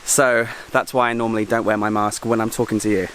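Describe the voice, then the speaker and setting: A man filming a casual travel vlog outdoors, chatty and excitable, making joking asides to the camera while walking through a jungle park. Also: on the low side, fast, slight background noise. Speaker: travel vlogger.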